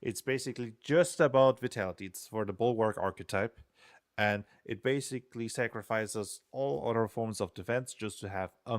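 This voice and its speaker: Rambling low-voiced man coding on stream. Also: no room sound, studio quality. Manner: rambling, self-deprecating, chuckles often. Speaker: game designer streaming programming. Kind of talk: casual live-stream chatter while coding.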